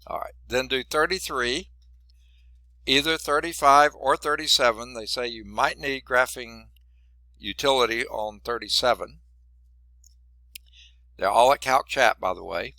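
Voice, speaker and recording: Gravelly-voiced folksy math lecturer, man. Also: medium pitch, measured pace, long pauses, pushed and bright, dry recording. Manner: folksy, chatty, asks the class questions. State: losing his voice. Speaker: math instructor. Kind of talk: classroom lecture.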